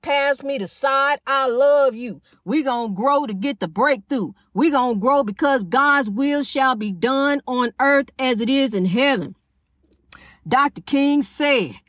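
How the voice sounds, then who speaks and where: High-voiced preachy woman in her fifties. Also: fairly bright tone, dry recording, clean studio sound. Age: 50s. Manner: preachy, repetitive, calls listeners honey. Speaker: podcast host. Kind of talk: casual preachy monologue.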